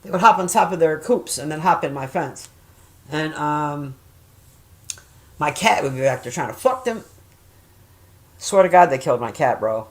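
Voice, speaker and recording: A middle-aged woman chatting casually and telling stories, swearing often and jumping loud when she acts out quoted voices. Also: low-pitched, moderate pace, pauses often. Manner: profane, animated, acts out quoted voices loudly. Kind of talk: casual storytelling chat.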